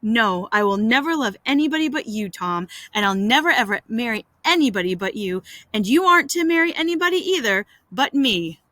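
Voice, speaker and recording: A woman's voice: on the high side, animated, a little fast, hardly any pauses, a bit bright, no echo. A woman voicing a shy, touchy young schoolgirl who answers hesitantly and coyly, in a storybook reading. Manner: hesitant, coy.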